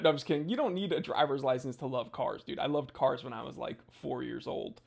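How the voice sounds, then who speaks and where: A young man hosting a casual livestream, reading viewer comments aloud in a goofy, jokey way with sudden loud outbursts. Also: mid-range voice, fast talker, gravelly, few pauses. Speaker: watch channel host.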